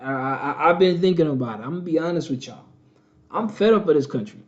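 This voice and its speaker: A man's voice: a little high, animated, fast, darkish tone. Preachy man on a lo-fi stream. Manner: preachy, repetitive, addresses viewers as family. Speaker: channel host. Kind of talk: casual live-stream commentary.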